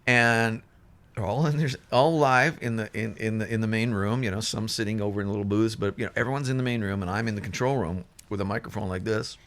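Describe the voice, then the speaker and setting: A man with a low voice tells stories from the studio in a loose, rambling way. He circles back, restarts and fills pauses. Now and then he slips into the voices of other people. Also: a bit bright. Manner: rambling, with many restarts and fillers; acts out other people's lines in shifted voices. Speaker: musician guest. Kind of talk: casual storytelling.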